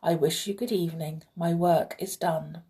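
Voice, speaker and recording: A woman's voice: fairly low pitch, fairly even intonation, normal speed, dark tone, a little hiss or hum, lightly acted. A woman doing a stern, scornful little flute player. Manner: firm and scornful.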